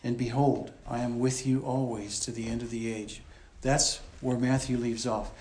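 A man delivering a teaching sermon from the pulpit, in a voice of ordinary middle pitch. He talks in an easy, conversational way, walking listeners through the text and circling back to restate each point. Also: flat delivery, normal speed, a little mellow. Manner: conversational, explains and repeats points. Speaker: pastor. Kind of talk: expository sermon.

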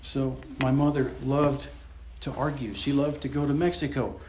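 A man delivering a teaching sermon from the pulpit, in a voice of ordinary middle pitch. He talks in an easy, conversational way, walking listeners through the text and circling back to restate each point. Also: little pitch movement, moderate pace, darkish tone, slight background noise. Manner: conversational, explains and repeats points. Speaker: pastor. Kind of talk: expository sermon.

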